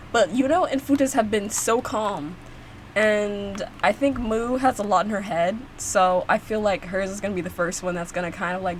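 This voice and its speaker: A woman's voice: mid-range voice, slight background noise, low-quality recording. A young woman hosting a reaction video, talking casually and rambling with lots of fillers and restarts. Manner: chatty, rambling, frequent fillers and restarts, laughs often.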